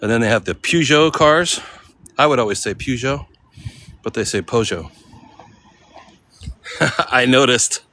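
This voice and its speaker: A laid-back man rambles through a walking vlog, slangy and quick to laugh, his voice sitting at an ordinary middle pitch. Street traffic and city noise rumble clearly behind him as he walks outdoors with a handheld camera mic. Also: bright, forceful tone, low-quality recording. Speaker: vlogger. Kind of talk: casual walking vlog chat.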